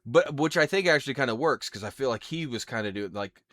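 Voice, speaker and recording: A male podcast host in easygoing, rambling casual chat, quick to laugh. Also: mid-range voice, expressive, a bit bright.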